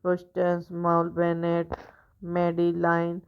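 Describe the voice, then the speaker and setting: A woman reads out film credits and trivia for her review channel, halting and restarting as she goes. Her voice is low, smooth and slightly gravelly, held almost flat in pitch. The recording sounds dull and lo-fi. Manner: halting, stumbling reading with restarts. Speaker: movie review channel host. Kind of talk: reading out film credits and facts.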